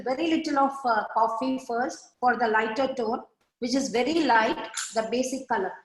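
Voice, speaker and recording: A woman teaching an online art class, giving patient step-by-step instructions over a video call. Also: on the high side. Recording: echoey room on a video call.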